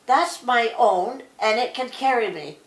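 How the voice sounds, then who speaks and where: An older woman reading aloud, voicing a cheeky, foolish young man who shouts merrily. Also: a little high, lively intonation, unhurried, voice pushed up. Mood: boisterous. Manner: shouting, boisterous. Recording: roomy echo.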